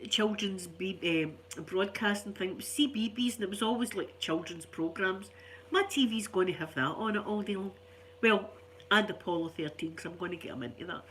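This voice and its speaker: A woman's voice: medium pitch, expressive, fairly quick, a bit bright, a little hiss or hum. An older Scottish woman chatting casually to viewers, rambling and laughing often, sounding stuffy and unwell. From Scotland. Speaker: ASMR channel host.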